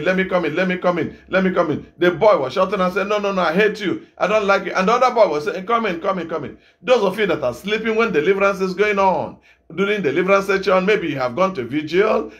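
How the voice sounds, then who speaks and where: High-voiced Nigerian preacher exhorting. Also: male voice, fairly bright tone. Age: middle-aged. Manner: repetitive exhortation, rhetorical questions. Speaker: evangelist preacher. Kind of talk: sermon.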